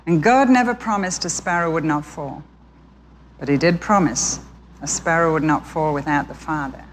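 A woman Bible teacher giving a sermon as an expressive children's story. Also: deep voice, moderate pace, a little hiss or hum.

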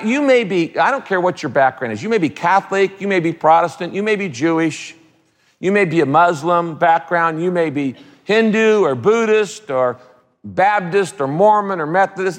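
A man preaching a sermon as a pastor, emphatic, repeating key phrases and dropping quick casual asides. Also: sits high. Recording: long hall reverb.

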